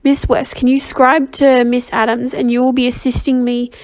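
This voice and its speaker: A woman reading as a brisk ship's doctor. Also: sits high, level tone, a little mellow, natural voice, low-quality recording. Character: brisk kindly ship's doctor, middle-aged man.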